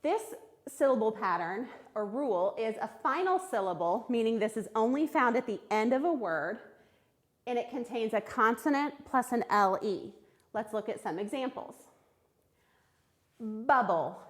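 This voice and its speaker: A woman teaching a recorded phonics lesson to young children, sounding out words clearly and praising answers. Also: a little high, lively intonation, moderate pace. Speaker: third grade reading teacher.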